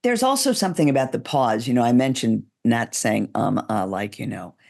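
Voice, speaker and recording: Giving thoughtful, measured tips in an interview, a woman who coaches public speaking shows how pitch can shift while she talks. She has a gravelly voice with a darkish tone.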